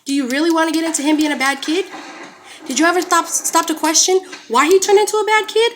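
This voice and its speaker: A woman's voice: very high voice, steady tone, fast talker, a little hiss or hum. A young woman angrily confronting her in-laws, cursing and sarcastically quoting them. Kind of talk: angry confrontational rant to family.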